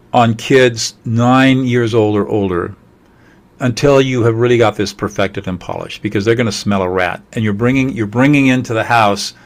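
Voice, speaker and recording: A man presents a leadership webinar in a mid-pitched voice, speaking in an earnest, measured way. When he runs through lists of feelings, his voice goes quiet and slow. It sounds like he is talking into a webinar microphone. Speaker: emotional intelligence trainer.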